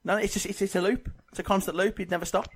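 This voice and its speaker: A man's voice: sits high, steady tone, fast, slightly rough. An English man co-hosting a podcast, chatting in a playful, joking way. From England. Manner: joking, playful, laughs often. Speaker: podcast co-host. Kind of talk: casual chat.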